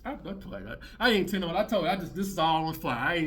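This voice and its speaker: Talking rapid-fire with hardly any pauses, a man with a fairly high, animated, slightly bright voice reacts to clips on his own channel. The rant is preachy and rambling, and he keeps repeating himself as it circles around.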